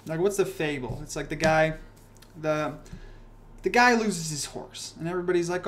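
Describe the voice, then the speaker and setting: A young man with a fairly high voice hosts a casual livestream, talking at normal speed over slight background noise. He rambles, swears, and rants with animation while reading comments.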